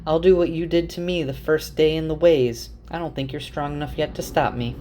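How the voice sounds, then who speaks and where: A syrupy young noblewoman , put on by a man summarizing a novel, coaxing with exaggerated sweetness. Her voice rides well above his usual pitch. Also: fairly even intonation, brisk, dark tone, slight background noise, lightly acted. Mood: sweetly threatening. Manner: over-the-top sweet pleading. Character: young noblewoman, sugary and scheming.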